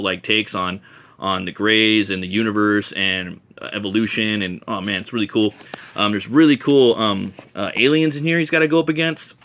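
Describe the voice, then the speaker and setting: A man reviewing comic books in a casual vlog, enthusiastic and rambling, often stalling on fillers and restarting his sentences. His voice is lowish in pitch but bright and forward.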